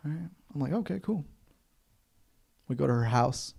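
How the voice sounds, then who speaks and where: A man's voice: medium pitch, quick pace, vocal fry. A young man from Kentucky performing a stand-up comedy set on a club stage, acting out the other people in his stories. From Kentucky, USA. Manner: animated storytelling, acts out voices of others. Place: comedy club stage before a live audience.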